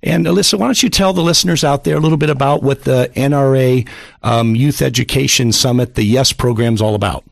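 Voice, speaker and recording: A man co-hosting a talk radio show from a studio, earnest and quick, taking calls. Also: mid-range voice, no room sound. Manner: fast, gravelly, earnest with restarts.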